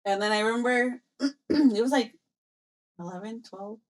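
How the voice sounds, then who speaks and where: A young woman co-hosting a podcast, telling a personal story in a casual, animated way and acting out both sides of past conversations. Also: a little high, a little slow. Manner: animated storyteller, acts out quoted exchanges, mixes in Spanish phrases. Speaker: podcast co-host.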